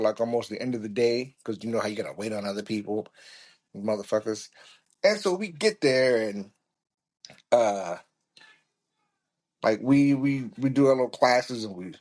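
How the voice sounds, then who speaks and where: Profane man telling a story. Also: medium pitch. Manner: profane, laughing, lively. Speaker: podcast host. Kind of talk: casual storytelling.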